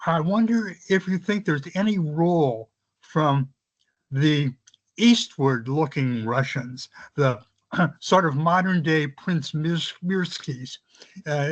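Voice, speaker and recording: A man from the audience asking a question hesitantly, clearing his throat. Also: a little high, dull audio.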